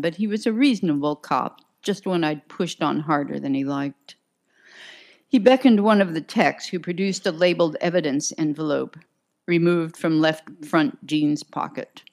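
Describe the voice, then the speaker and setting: Low-voiced woman narrating a crime novel. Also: normal speed, darkish tone. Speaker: audiobook narrator.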